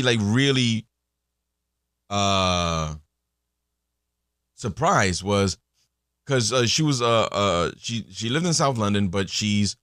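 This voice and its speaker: A man's voice: on the low side, a bit bright, no echo, clean studio sound. A man in his thirties hosting a podcast, talking in a casual, rambling monologue full of fillers and restarts. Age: 30s. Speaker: podcast host.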